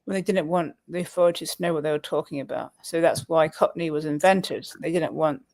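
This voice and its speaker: A man's voice: fairly high pitch, fairly even intonation, a little fast, vocal fry, a little mellow, dry recording. A man from Suffolk with a Suffolk English accent, co-hosting a casual livestream chat and patiently explaining things with frequent laughs. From Suffolk, England. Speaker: livestream co-host.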